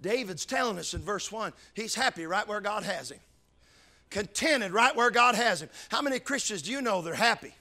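A man preaching a sermon, swinging between loud shouted emphasis and hushed, low passages. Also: expressive, normal speed.

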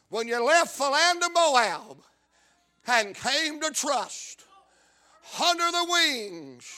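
A man with a South Carolina accent preaching a revival sermon, chanting, shouting and whooping, repeating his lines in rhythm. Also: very high-pitched.

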